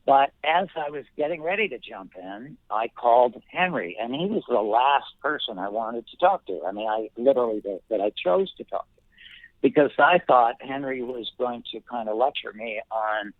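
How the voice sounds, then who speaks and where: A middle-aged man telling a personal story as an interview guest, thoughtful and halting, pausing often and restarting his sentences. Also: medium pitch, animated, no echo. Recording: dry tinny phone line.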